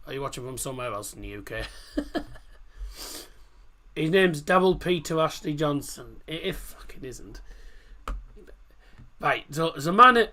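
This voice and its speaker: A man's voice: a little high, fairly bright tone. A man hosting a football watchalong stream, rambling casually through viewer comments with lots of fillers and restarts. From Middlesbrough, England. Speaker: livestream host. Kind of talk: casual chat reading live comments.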